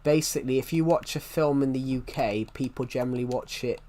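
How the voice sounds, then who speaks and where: A young British man with a thick regional accent and heavy R sounds, talking loosely to his stream viewers. His pitch sits mid-range for a man. He wanders, restarts sentences and answers chat questions as they come in, with faint keyboard typing behind him. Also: steady tone, fairly quick, dark tone, a little hiss or hum. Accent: British regional, strong R sounds. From United Kingdom. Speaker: game streamer.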